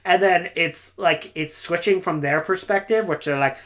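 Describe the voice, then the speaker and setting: A woman's voice: lowish voice, normal speed, few pauses. A woman reviewing books in a casual, rambling monologue, enthusiastic and full of "like" and "uh". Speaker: book reviewer.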